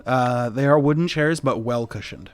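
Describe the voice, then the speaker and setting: A man narrating a tabletop role-playing game as game master, easygoing and full of little fillers. His voice sits at an average pitch, with faint music in the background. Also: moderate pace. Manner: relaxed, many fillers.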